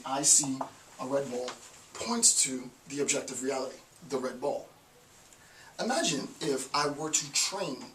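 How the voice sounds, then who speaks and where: A man's voice: medium pitch, bright, forceful tone. A man lecturing on philosophy in a conversational style, repeating phrases for emphasis. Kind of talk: informal recorded lecture. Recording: echoey room, mic at a distance, faint hiss.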